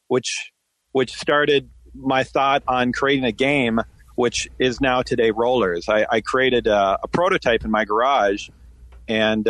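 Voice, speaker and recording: A man's voice: medium pitch, fairly bright tone, no room sound, poor audio. Easygoing man in his forties, dry sound. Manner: easygoing, storytelling with frequent ums and uhs. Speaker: podcast guest, company founder. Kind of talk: casual interview answers.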